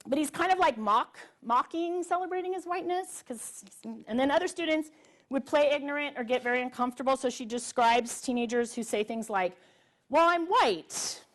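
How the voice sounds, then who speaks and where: A middle-aged woman giving an earnest, emphatic public talk to a live audience, pausing on rhetorical questions. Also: sits high. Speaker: public speaker. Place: library event room with audience.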